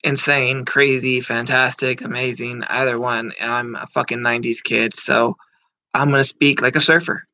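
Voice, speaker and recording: A man in his thirties, a wrestling commentator, gives casual, rambling wrestling predictions full of fillers and offhand swearing. His mid-range voice barely moves in pitch, runs at a moderate pace, and sounds pushed and bright. The recording is muffled, lo-fi and dry, with no room sound.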